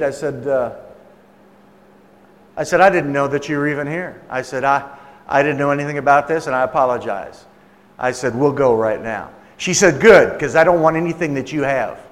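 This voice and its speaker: A man's voice: mid-range voice, moderate pace. Man preaching in a reverberant hall. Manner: conversational, acts out quoted voices. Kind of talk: sermon storytelling.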